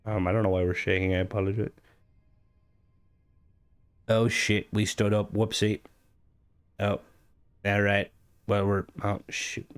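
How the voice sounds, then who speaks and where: A young man with a somewhat low voice talks through gaming news in a relaxed, unscripted way. He rambles and meanders, pausing to hesitate and restart his sentences as he thinks aloud like a streamer chatting to viewers. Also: clean tone. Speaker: gaming content creator and streamer. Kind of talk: casual gaming news commentary.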